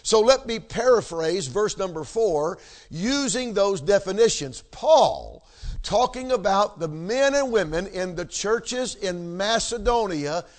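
A man's voice: sits high, animated, measured pace. A man preaching a sermon, emphatic, repeating key words and checking in with the congregation. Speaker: pastor.

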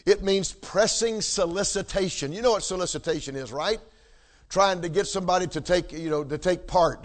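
A man preaching a sermon, emphatic, repeating key words and checking in with the congregation. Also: fairly high pitch. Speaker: pastor.

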